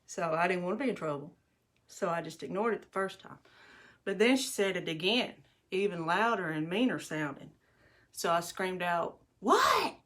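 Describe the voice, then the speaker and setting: Chatty woman, lowish voice. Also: normal speed, fairly bright tone. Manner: chatty, rambling, addresses viewers as y'all. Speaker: livestream host. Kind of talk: casual storytelling while doing makeup. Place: bathroom at home.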